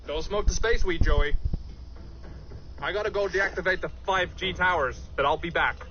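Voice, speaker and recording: A man voicing a frantic, conspiracy-minded billionaire with a put-on South African accent, scolding and shouting. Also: high-pitched, normal speed. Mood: ranting. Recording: muffled, noisy recording.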